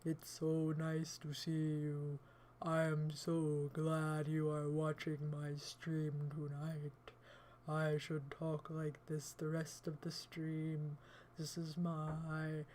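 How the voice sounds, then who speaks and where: A put-on deep man voice, as a woman streamer fakes it, dragged out very slowly and kept low. The delivery is flat with little rise and fall, playful and theatrical as it greets the viewers. It is casual livestream chat. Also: slight background noise. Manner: slow, drawling, jokey and theatrical. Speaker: livestream host.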